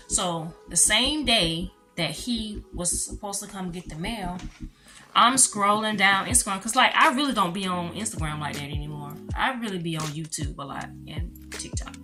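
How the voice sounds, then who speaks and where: Animated woman telling a storytime vlog. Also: mid-range voice. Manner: animated, talks straight to viewers, calls them y'all. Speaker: vlogger.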